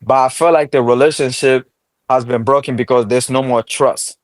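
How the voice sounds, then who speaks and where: A man's voice: mid-range voice, fairly even intonation, no room sound, pitched below the performer's own voice, natural voice. A man voicing a calculating male team owner who lays out his reasoning step by step. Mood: measured. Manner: measured, explains step by step.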